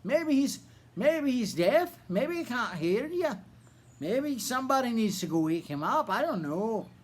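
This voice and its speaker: A man's voice: lively intonation, takes it slowly, slight background noise. A man voicing the prophet Elijah in a put-on Irish accent, bold and taunting. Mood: mocking. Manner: taunting, loud and high when mocking.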